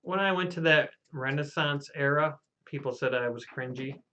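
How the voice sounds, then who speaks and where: A man hosting a casual live stream, making deadpan, mock-ominous pronouncements. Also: on the high side, moderate pace. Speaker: host playing the Hal character.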